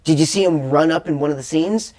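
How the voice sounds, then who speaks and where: A man co-hosting a casual podcast chat about a movie, rambling and animated, swearing freely and acting out scenes. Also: a little high, fast talker. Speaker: podcast co-host.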